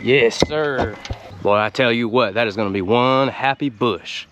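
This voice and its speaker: A folksy man talks his way through planting in a yard, drawling and deadpan as he slips in innuendo. His voice sits at an ordinary middle pitch for a man. Steady outdoor noise runs under him, with the odd vehicle going by. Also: measured pace. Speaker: gardening show host. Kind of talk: comedic gardening tutorial.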